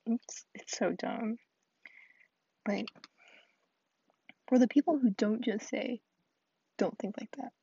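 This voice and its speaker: A young woman talks alone into the mic, rambling and putting herself down, and her voice keeps sinking to a husky whisper. The sound is dry and a little dull, like a lo-fi home recording. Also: on the high side, dry recording. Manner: rambling, self-deprecating, drops into soft whispers. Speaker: podcast host. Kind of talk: solo vent podcast.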